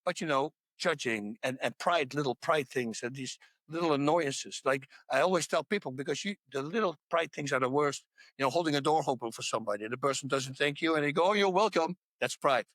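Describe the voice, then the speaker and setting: A man's voice: mid-range voice, fairly quick, a bit bright, no echo. A man talking as a podcast guest in a casual interview about faith, pressing his points home with repetition. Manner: emphatic, repeats points to hammer them home.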